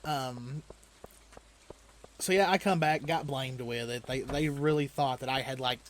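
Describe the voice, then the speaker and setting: A man's voice: mid-range voice, a little slow, a little hiss or hum. A man hosting a let's play, casually telling a long story while he plays a video game, often chuckling and rambling with restarts. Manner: loose, rambling delivery with restarts.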